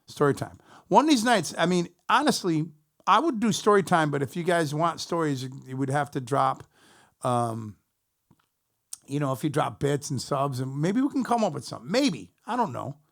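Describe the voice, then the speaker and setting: A middle-aged man, a musician, casually telling a long profane story to his stream chat, animated and rambling. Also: fairly high pitch, normal speed, gravelly.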